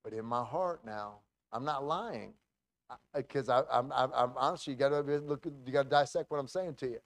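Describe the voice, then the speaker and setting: A man pastor telling a story in a sermon, animated and full of restarts and acted-out quotes. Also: mid-range voice, normal speed, dry recording.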